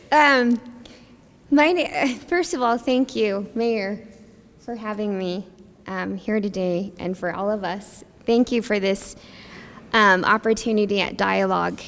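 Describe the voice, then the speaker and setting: A young woman speaking at a press conference as a community advocate, emotional and halting, pausing with nervous laughs and fillers. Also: medium pitch. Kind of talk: emotional public speech. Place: press conference in a large hall. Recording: long hall reverb.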